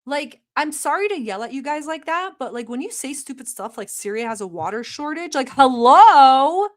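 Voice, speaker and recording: A woman's voice: sits high, expressive, a little fast. A young woman hosting a livestream, talking in a sarcastic, rambling, mock-earnest way with lots of fillers. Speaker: livestream host. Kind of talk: satirical livestream chat.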